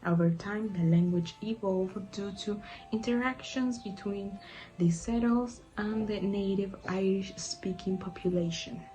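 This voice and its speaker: A woman reading a scripted lesson narration in a measured, explanatory way. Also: mid-range voice, dark tone, faint music behind, low-quality recording. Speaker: teacher.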